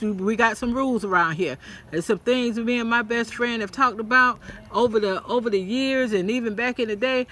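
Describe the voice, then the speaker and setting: Sassy guy ranting about reality tv, high bright voice. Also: slight background noise. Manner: sassy, animated, acts out quotes in a mocking voice. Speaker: reality TV commentator. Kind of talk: casual opinion vlog.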